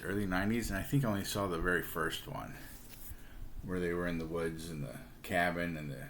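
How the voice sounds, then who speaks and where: A man's voice: deep voice, a bit bright, slight background noise. A middle-aged man chatting casually, rambling with lots of fillers and restarts as he shows off his purchases. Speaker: comic book collector. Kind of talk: casual show-and-tell vlog.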